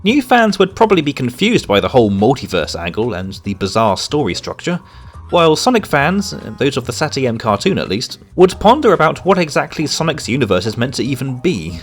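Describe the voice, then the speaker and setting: A man reading out a scripted comic review with sarcastic, exasperated commentary. His pitch sits in a middle range but swings widely as he talks. Soft music plays faintly underneath. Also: big pitch swings, a little fast, breathy edge.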